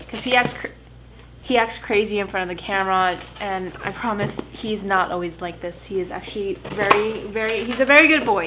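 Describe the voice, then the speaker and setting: Speaking into a camera mic at home, a vlogger in her twenties chats casually through an unboxing, breaking off now and then to scold or praise her puppy. Her voice is mid-range, and there's noise in the background.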